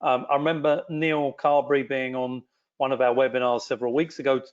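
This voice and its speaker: Measured man on a webinar call. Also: mid-range voice, little pitch movement, clean tone, highs cut off. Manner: measured, hesitant, many restarts. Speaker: webinar panelist. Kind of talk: advisory talk on a video call. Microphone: video call.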